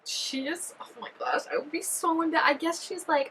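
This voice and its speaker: A woman chatting excitedly through a reaction video, full of fillers and giggly asides. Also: extremely high pitch, a little fast, a little hiss or hum, rough recording. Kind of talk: casual reaction commentary.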